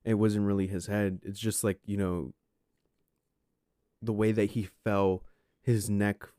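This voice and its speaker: A man's voice: fairly low pitch, level tone, a little slow, warm tone, no echo, studio quality. A man in his twenties hosting a podcast, telling a story casually and rambling with lots of "like" and "you know" fillers. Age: 20s. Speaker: podcast host.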